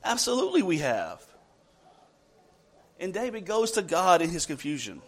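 Speaking on the high side, a man preaches a sermon to his congregation. Rhetorical questions punctuate his talk, which moves from loud emphasis to quiet, slower delivery.

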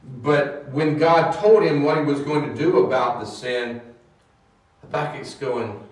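Man teaching a Bible class, hesitant then animated; distant mic, very echoey room. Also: mid-range voice, measured pace. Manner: hesitant with many fillers, grows animated.

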